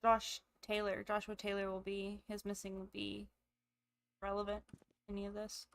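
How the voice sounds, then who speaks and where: A woman with the hiccups giving excitable let's play commentary, thinking aloud as she plays. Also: mid-range voice, normal speed, vocal fry, clear, resonant tone. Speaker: gamer.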